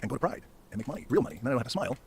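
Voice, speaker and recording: A middle-aged man telling his story as a podcast guest, fast and emphatic, swearing freely and restarting phrases as he goes. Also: medium pitch, sing-song, gravelly, slightly rough. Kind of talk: animated storytelling in a podcast interview.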